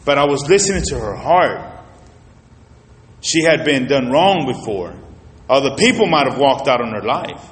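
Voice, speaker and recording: A man's voice: medium pitch, big pitch swings, moderate pace, long pauses, fairly bright tone. A male pastor preaching a conversational sermon, telling stories and speaking straight to the congregation in a casual, colloquial way. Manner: colloquial, storytelling, addresses the congregation directly. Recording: echoey reverberant hall.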